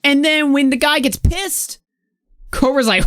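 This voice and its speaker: A woman's voice: high-pitched, measured pace, fairly bright tone, no room sound, clean studio sound. Blunt, profane young woman ranting on stream. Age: late teens. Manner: ranting, blunt and profane, reads posts aloud. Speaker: host of a live commentary stream. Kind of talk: live online commentary.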